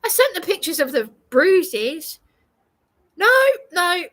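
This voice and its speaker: Indignant, high-voiced woman ranting. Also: very animated, slow, fairly bright tone. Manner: indignant, emphatic, swears, laughs bitterly. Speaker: vlogger. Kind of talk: ranting monologue to camera.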